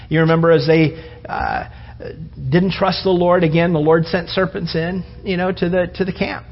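A man's voice: a little high, sing-song, moderate pace, creaky. A man preaching a sermon in an earnest way, often restarting his phrases and speaking prayers aloud. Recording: dull lo-fi sound with long hall reverb.

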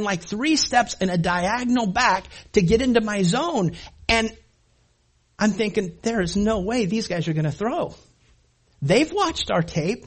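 A middle-aged man telling a story about his high school football days to an audience, animated and laughing as he acts out his past self. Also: husky.

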